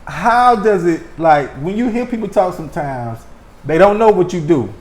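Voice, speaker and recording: A man's voice: high voice, expressive, normal speed. A man hosting a casual interview, joking and hyping up his audience. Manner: hyped, joking, addresses audience. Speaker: talk show host. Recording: echoey room, faint noise.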